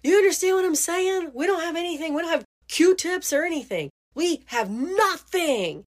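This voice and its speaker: A woman mimicking a shrill panicking mom. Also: animated, normal speed. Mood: exasperated. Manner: high-pitched, repeating herself in rising panic. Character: frantic middle-aged mom in shrill disbelief.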